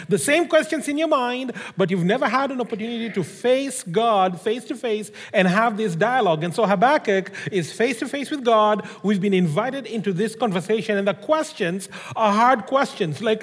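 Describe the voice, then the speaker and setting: A male pastor preaches, walking his congregation through a story in an animated way. His voice sits very high for a man. The sound rings with a long reverb as in a large hall. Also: moderate pace. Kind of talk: sermon.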